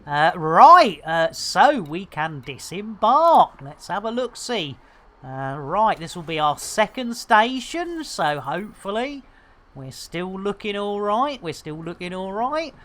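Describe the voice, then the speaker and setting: Slow-paced and slightly bright, this middle-aged British woman's medium-pitched voice swings widely up and down. She streams a game while bantering with her audience, keeping the commentary jokey, slangy and casual.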